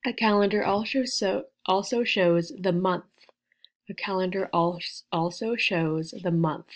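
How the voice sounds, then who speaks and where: A woman leads a beginner English lesson at a deliberately unhurried pace. She spells words letter by letter and repeats them with careful, exaggerated clarity, in a voice of ordinary middle pitch. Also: fairly even intonation. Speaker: English teacher.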